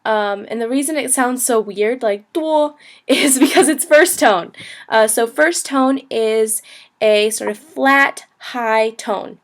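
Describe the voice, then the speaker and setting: Chatty young woman teaching, high voice. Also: slow pace. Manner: chatty, lots of "like" and "you know", laughs easily. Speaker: language teacher, travel vlogger. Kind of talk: casual video lesson.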